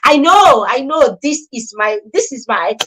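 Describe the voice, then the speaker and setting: A woman's voice: sits high, sing-song, unhurried, a bit bright, a little hiss or hum, poor audio. A woman hosting and promoting a children's mentorship program, talking in an emphatic, persuasive way and repeating her key points. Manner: emphatic and repetitive, stressing key words.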